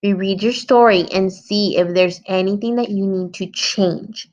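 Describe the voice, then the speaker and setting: A woman's voice: medium pitch, fairly even intonation, measured pace. A woman teacher giving a writing lesson to young children, patiently thinking aloud as she edits her story. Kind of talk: early-grade writing lesson. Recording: slightly dull lo-fi sound.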